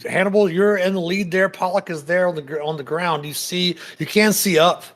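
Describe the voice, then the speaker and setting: A man narrating as game master in a tabletop game, describing scenes in a halting way with frequent pauses to search for words. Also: high voice, fairly even intonation, fairly bright tone. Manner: halting, many fillers and restarts while describing the scene.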